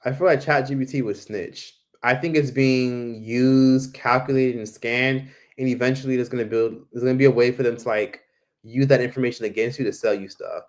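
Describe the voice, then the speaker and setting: A man hosting a casual live Q&A from home, rambling with lots of "like" and "literally" and acting out the people he quotes. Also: mid-range voice. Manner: rambling, fills talk with "like" and "literally"; acts out the voices of people he quotes. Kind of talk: casual livestream chat.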